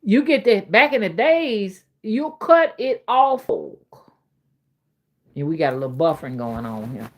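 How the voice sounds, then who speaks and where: Folksy Southern woman with lively pitch. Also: a little slow. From Alabama. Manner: folksy, old-fashioned Southern talk, chuckling. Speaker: livestream host. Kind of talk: casual livestream chat reading comments.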